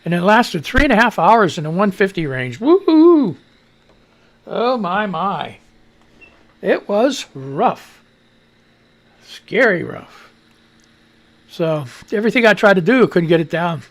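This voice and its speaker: Hosting a live radio news program, a man with a wheezy, high, gravelly voice offers casual political commentary. He rambles in an exasperated, sarcastic tone, his pitch swinging widely, speaking a little slowly with frequent pauses.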